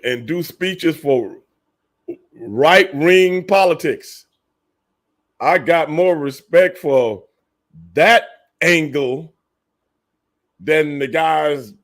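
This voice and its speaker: A man who used to wrestle, hosting a casual livestream, talking bluntly and profanely to his viewers and laughing often. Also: on the high side. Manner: talks to chat viewers by name. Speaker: livestream host and former wrestler.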